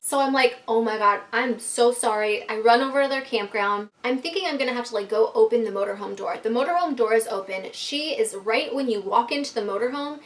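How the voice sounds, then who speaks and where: A woman vlogger telling a casual storytime to her viewers, animated, full of fillers and swearing. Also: fairly high pitch, fairly quick, few pauses.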